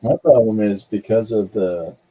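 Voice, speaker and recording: Deep, scratchy-voiced man, dark tone. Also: moderate pace, breathy edge. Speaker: podcast co-host. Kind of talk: casual chat while drawing.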